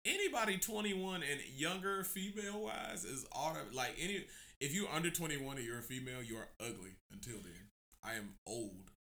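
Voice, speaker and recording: A man in his late twenties chatting casually on a podcast, swearing freely and jumping into a high pitch when he quotes people. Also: lively intonation, brisk, pushed and bright. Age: 20s. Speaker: podcast co-host. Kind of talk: casual chat.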